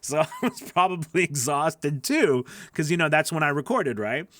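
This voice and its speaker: A man's voice: a little high, expressive, moderate pace, a bit bright, no room sound. A man coaching voice actors on a live stream, chatty and encouraging as he answers viewer questions into a studio microphone. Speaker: voice-over coach.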